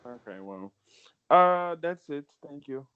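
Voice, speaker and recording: Casting: young male player, lively and exasperated, on a dull lo-fi mic. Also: a little high, slow pace, smooth. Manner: exasperated, laughing, swears casually. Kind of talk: casual tabletop play.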